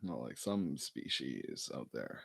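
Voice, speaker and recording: A man's voice: extremely low pitch, big pitch swings, slow, vocal fry, a bit bright, slightly rough, no echo. A man in casual, meandering chat, joking and swearing with lots of fillers.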